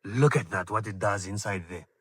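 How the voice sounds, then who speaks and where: A man giving an enthusiastic car walkaround review, pointing out features with frequent fillers and calling his viewers ladies and gentlemen. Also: on the low side, normal speed, breathy edge, no room sound.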